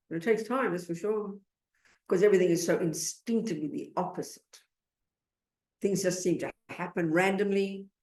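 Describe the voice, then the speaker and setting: Blunt, animated Australian woman teaching. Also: on the low side, echoey room. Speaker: Buddhist teacher. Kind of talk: dharma talk with questions.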